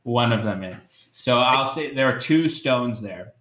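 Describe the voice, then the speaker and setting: A man narrating as game master of a tabletop game, describing scenes hesitantly with many filler pauses. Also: medium pitch, lively intonation, a bit bright, reverberant.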